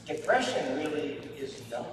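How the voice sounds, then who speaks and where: A man, a family therapist, giving a sermon-style talk to a church audience, with halting speech and repeated words. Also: fairly high pitch, expressive, noisy background. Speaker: marriage and family therapist speaking at a church event. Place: church hall. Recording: echoey hall from far off.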